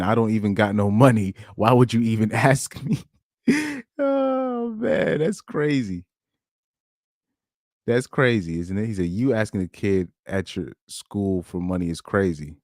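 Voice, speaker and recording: A man hosting a podcast, reacting to screenshots in a rambling, animated way, often laughing and jumping up in pitch when amazed. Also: no echo, studio quality. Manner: rambling, with frequent restarts. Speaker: podcast host. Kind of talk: casual commentary reading screenshots.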